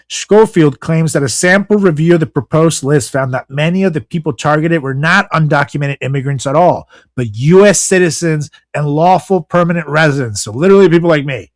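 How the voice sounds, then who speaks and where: A man's voice: a little high, dry recording. A man co-hosting a podcast, ranting casually and sarcastically about the news with lots of swearing. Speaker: podcast co-host.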